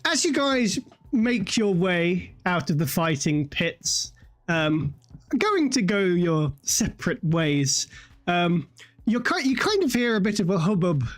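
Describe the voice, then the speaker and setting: A woman's voice: fairly low pitch, big pitch swings, unhurried. Casual swearing woman game master. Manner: casual, swearing, filler-heavy. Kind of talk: narrating a tabletop game.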